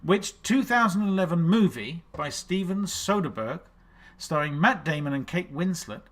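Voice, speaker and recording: A man's voice: fairly high pitch, expressive, moderate pace, fairly bright tone. A man hosting a live-streamed quiz, chatty and self-deprecating, greeting viewers by name and reading out scores and questions. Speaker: online quiz host.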